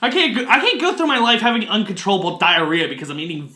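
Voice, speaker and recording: A man's voice: high-pitched, very animated, quick pace, sharp tone, reverberant. A man co-hosting a podcast, trading crude jokes and laughing often. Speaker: podcast co-host. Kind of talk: crude comedic banter.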